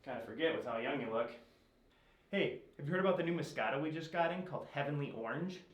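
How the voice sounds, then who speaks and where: A man's voice: a little high, expressive, fast talker, reverberant, recorded from a distance, dull audio, close to an everyday voice. A man playing a chatty wine salesman. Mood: upbeat. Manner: friendly sales patter. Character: chatty male wine supplier.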